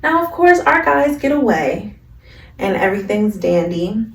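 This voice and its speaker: A woman's voice: mid-range voice, big pitch swings, unhurried, gravelly, recorded from a distance, a little hiss or hum. A woman vlogger in a slangy, chatty casual recap of an anime, recorded in an echoey room. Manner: slangy, chatty, lots of fillers.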